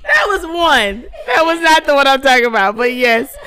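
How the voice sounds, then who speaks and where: A woman co-hosting a podcast in casual chat, loud and laughing often as she acts out jokes. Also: sits high, sing-song, moderate pace, a crowd in the background. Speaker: podcast co-host.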